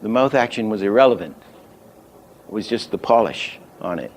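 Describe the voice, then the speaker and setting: An older man teaching animation, unhurried and thinking aloud, often stopping to act out a line reading. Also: fairly low pitch, expressive, slight background noise. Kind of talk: teaching lecture.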